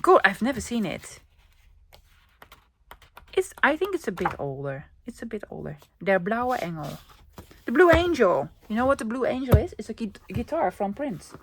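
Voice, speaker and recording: A woman's voice: a little high, big pitch swings, moderate pace, breathy edge. Chatty woman vlogger. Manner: chatty, enthusiastic, thinking aloud. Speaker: craft vlogger. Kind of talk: casual show-and-tell vlog.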